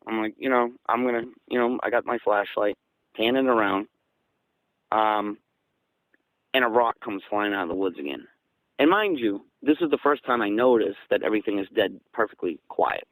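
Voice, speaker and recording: A man from southeastern Massachusetts, a guest on an interview show, telling a story in a casual, excited way that turns louder and higher when he quotes people. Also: no room sound, poor audio. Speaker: guest recounting an encounter.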